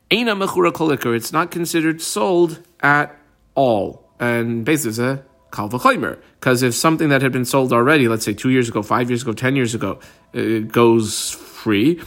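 A man's voice: medium pitch, a bit bright. A man teaching a Talmud class, reading each Aramaic phrase and then translating and explaining it, calling out how he marks the page as he goes. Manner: calls out his page markings as he goes.

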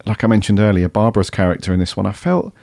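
A man's voice: lowish voice, fairly even intonation, fast, creaky, a little mellow, dry recording, studio quality. A man co-hosting a podcast, talking in an easygoing, hesitant way with plenty of ums. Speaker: podcast co-host. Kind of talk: casual podcast chat.

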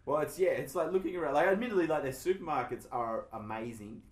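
A man's voice: fairly high pitch, fast talker. Rambling Australian man in an echoey room. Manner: rambling, self-deprecating storytelling. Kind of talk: casual chat.

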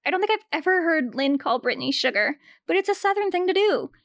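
A woman's voice: extremely high pitch, lively intonation, fairly quick, fairly bright tone, no echo, studio quality. A young woman giving casual commentary on a film, blunt and sarcastic, with casual swearing.

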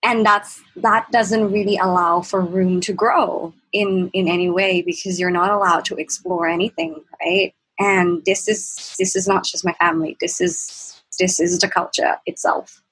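A young woman, a podcast guest, telling a candid personal story in a halting way, with restarts and fillers. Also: fairly low pitch, steady tone, fairly bright tone, slightly rough, low-quality recording. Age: young adult.

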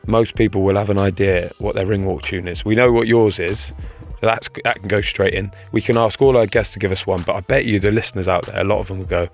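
A man co-hosting a boxing podcast, talking in a relaxed, friendly way. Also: low-pitched, fast talker, vocal fry, hardly any pauses, faint music behind. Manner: relaxed, friendly, plugs the show's socials. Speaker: podcast co-host. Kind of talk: casual podcast chat.

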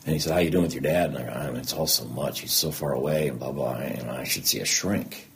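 A man's voice: very deep voice, fast talker, gravelly. A middle-aged man speaking earnestly as an interview guest, acting out past conversations as he tells them. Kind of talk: candid conversation.

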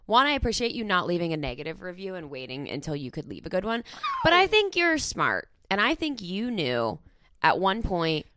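Woman cohost bantering, pitch jumps all over, jokey, dry close mic. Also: dry recording. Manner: expressive, quick banter, gasps and jokes. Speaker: podcast co-host. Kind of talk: casual chat.

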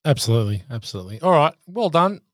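A man's voice: on the high side, big pitch swings, fast talker, no echo, clean studio sound. A man co-hosting a podcast, chatty and telling stories in casual talk. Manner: chatty storyteller. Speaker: podcast co-host. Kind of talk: casual chat.

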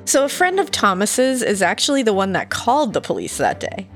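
A woman's voice: mid-range voice, big pitch swings, fairly quick, soft background music. A woman co-hosting a podcast, chatting casually and jokingly about odd crimes. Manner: jokey, laughs often, reads out quotes. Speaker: podcast co-host. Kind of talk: casual true-crime chat.

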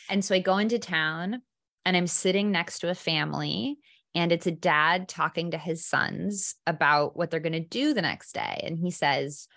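A woman guest telling a personal story in conversation, vivid and animated, slipping into lively quoted asides. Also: lowish voice, moderate pace. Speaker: interview guest.

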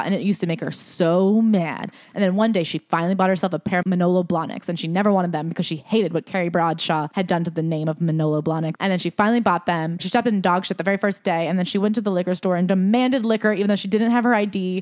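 A young woman co-hosts a casual podcast and talks very fast, racing through her retelling. She jumps into high, mocking voices when she quotes the author. The sound is close and dry, with no room in it. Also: steady tone, a little mellow, no room sound. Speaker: podcast co-host.

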